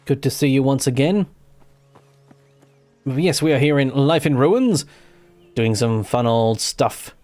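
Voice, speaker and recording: Australian male streamer, mid-pitched, loose and chatty, thinking aloud, faint music under. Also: expressive, slow pace, pauses often, darkish tone. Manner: rambling, self-correcting, swears casually. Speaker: gaming streamer. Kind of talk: casual live gameplay commentary.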